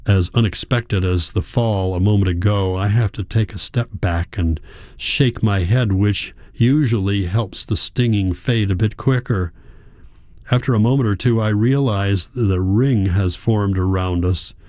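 Deep dude reading a story aloud, steady and even, super dry close mic. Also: male voice, a little slow, no room sound. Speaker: audiobook narrator. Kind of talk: first-person scripted narration.

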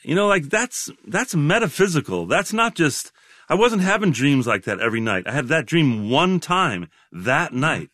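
A man in his sixties, a guest in a reflective interview, talking in a halting, rambling way with many restarts. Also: fairly high pitch, very animated, a bit bright, no echo, clean studio sound. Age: 60s.

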